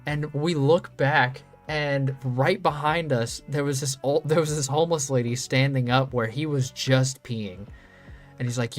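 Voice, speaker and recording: A young man in casual chat, spinning a story at a loose, meandering pace. He swears easily and fills pauses with ums. Faint guitar music plays in the background. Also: medium pitch, steady tone. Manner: rambling, loose, swears freely, many ums. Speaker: streamer.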